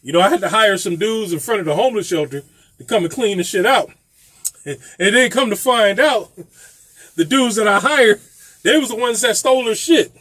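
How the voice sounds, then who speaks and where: A man's voice: sits high, expressive, normal speed, fairly bright tone, no room sound. A man casually telling a profane story, laughing often. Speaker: vlogger telling a landlord story.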